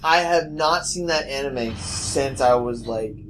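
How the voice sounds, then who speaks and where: A man's voice: mid-range voice, unhurried, fairly bright tone, a little hiss or hum, rough recording. A young man co-hosting a casual let's-play, telling rambling, profane stories with laughter. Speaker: game player and co-host.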